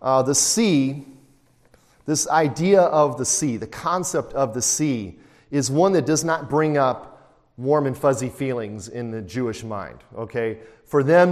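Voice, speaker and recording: A man's voice: medium pitch, lively intonation, a little slow. Man teaching a Bible class in a reverberant room. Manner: conversational, poses rhetorical questions to the class. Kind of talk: Bible study lecture.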